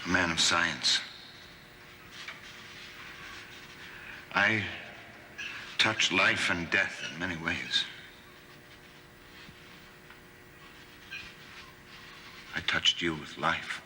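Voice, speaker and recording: An earnest, bright-voiced young doctor. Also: male voice, sits low, heavily acted. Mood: solemn. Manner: urgent, then gently coaxing. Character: earnest young male doctor and scientist, troubled creator. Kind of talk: 1970s TV horror drama.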